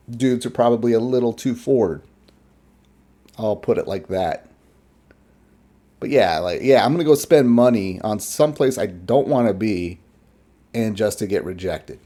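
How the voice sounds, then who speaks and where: Man commentator, low mellow voice, lively swings, blunt rambling reactions.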